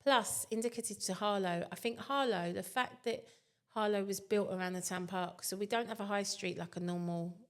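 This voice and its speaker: A woman's voice: medium pitch, normal speed. A woman chatting as a talk show guest, rambling and self-mocking. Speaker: guest, wellbeing group founder. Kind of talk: casual chat.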